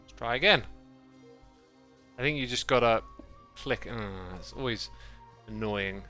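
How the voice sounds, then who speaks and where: A man's voice: mid-range voice, unhurried, bright, forceful tone. A man talking casually to his livestream chat while playing a game, thinking aloud and rambling. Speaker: game streamer. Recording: faint background music.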